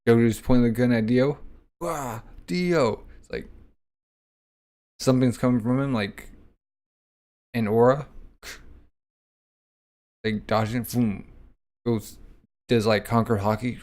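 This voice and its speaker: A man's voice: mid-range voice, takes it slowly, long pauses, a little mellow. A man casually reading a comic aloud, voicing sound effects and reacting with a lot of "like".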